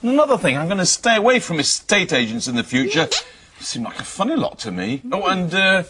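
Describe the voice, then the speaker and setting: Lively man presenting a kids' show. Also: high-pitched, a little fast, noisy background. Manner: chatty, exclamatory, jokey. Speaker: children's TV presenter. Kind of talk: scripted children's show presenting.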